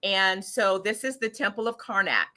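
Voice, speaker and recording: A middle-aged woman with a bright, clear voice, telling her viewers a travel story in a loose, chatty way. She rambles, stops and restarts her sentences, and fills the gaps with lots of ums. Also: mid-range voice, moderate pace. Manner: rambling, with many fillers and restarts. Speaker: channel host sharing travel story.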